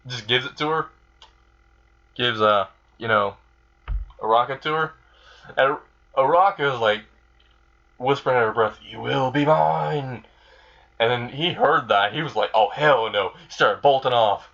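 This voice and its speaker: A man's voice: medium pitch, moderate pace, pauses often, pushed and bright, dull audio. A man casually retelling a comedic fan story, rambling and crude with lots of filler words.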